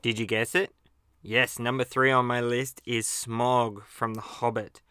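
Casting: a casual host, with a clean, smooth voice recorded dry on a close mic. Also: male voice, medium pitch, flat delivery, measured pace, pushed and bright, dry recording. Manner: chatty, chuckles at his own slips. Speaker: podcast host. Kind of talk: casual movie countdown commentary.

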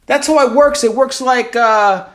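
A woman's voice: a little high, unhurried, slight background noise. A woman hosting a solo podcast, ranting with heavy swearing, sarcasm and constant rhetorical asides. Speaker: podcast host.

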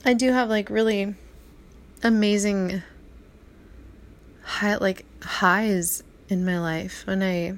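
A woman's voice: mid-range voice, fairly even intonation, takes it slowly, pauses often. A woman in her thirties talking through a heartfelt, rambling personal monologue at home, full of restarts and "like". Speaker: vlogger. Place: apartment at night.

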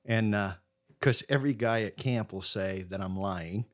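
Podcast guest, man from Maine, lively storyteller. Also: lowish voice, normal speed, background noise. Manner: animated storyteller, swings loud and soft. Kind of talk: casual storytelling.

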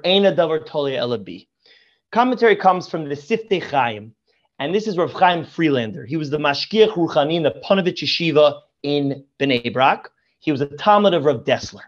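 A man's voice: on the high side, muffled recording. A man, a rabbi guest on a podcast, teaching Torah through storytelling and effusive in his praise. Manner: effusive, repeats praise often.

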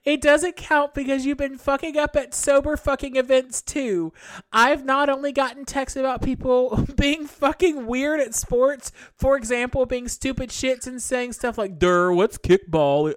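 A woman with a high voice reads an email aloud, giving its curses full dramatic weight. She stays theatrical and expressive in a casual podcast setting. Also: a little slow. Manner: dramatic, profane, laughing readings. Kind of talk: reading an email aloud with commentary.

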